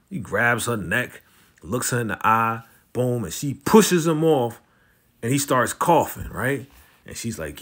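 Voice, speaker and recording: Animated man recapping a TV episode. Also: mid-range voice. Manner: animated, slangy storytelling, often fast. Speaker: YouTube show recapper.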